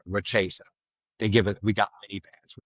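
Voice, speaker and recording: A middle-aged man, a retired trooper, telling a story in a blunt, vivid way, loudly acting out the lines of the people he quotes. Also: fairly low pitch, flat delivery, fairly quick, breathy edge, dry recording, lo-fi sound. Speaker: retired state trooper guest. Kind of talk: casual storytelling in a podcast interview.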